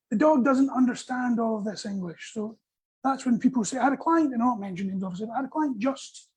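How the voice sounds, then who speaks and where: A Scottish man leading a dog training workshop, talking casually in an animated, joking way and acting out little scenes. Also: extremely high pitch, slightly rough, rough recording. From Scotland. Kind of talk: casual instructional talk. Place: small indoor workshop room.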